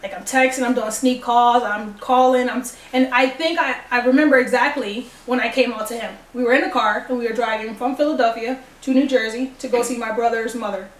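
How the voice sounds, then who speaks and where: A woman's voice: on the high side, fairly quick, few pauses. A young woman telling a personal story to the camera, acting out the dialogue as she goes. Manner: animated, acts out dialogue. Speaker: vlogger. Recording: echoey room, distant mic.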